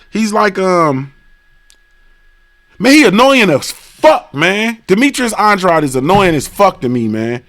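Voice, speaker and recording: A man hosting a casual boxing talk livestream, rambling and profane with heavy slang and constant "bro" and "you feel me.". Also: on the high side. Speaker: livestream sports talk host.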